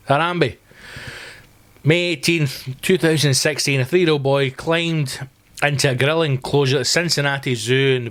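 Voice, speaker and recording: A Scottish man with a fairly high-pitched voice rants through a comedy podcast. He swears constantly and tells his stories with animated energy, jumping into put-on voices. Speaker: podcast host. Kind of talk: comedic rant.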